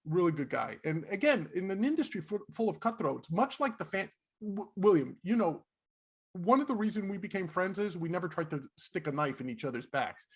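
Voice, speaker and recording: A middle-aged man co-hosting a podcast, telling stories in a casual, animated way and laughing often. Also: high-pitched, a little fast, slightly rough. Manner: animated, laughing, acts out quotes. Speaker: podcast co-host. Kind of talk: casual storytelling chat.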